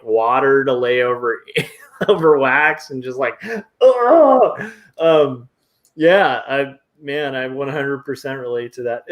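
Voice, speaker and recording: Young male guest, mid pitch, relaxed rambling talk, casual chat. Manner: rambling, lots of "like" and "um", soft-spoken. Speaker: podcast guest, comic artist.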